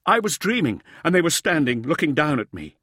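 A man's voice: fairly low pitch, sing-song, moderate pace, bright, forceful tone, breathy edge, no room sound, studio quality, full character voice. A man voicing a feverish, frightened old Uplander man who hisses and rambles in a strained, breathless voice.

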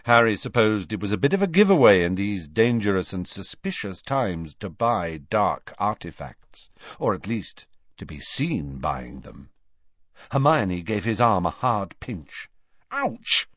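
Expressive slow male audiobook narrator. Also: lowish voice, dry recording, muffled recording. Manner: measured, expressive reading. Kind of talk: scripted narration.

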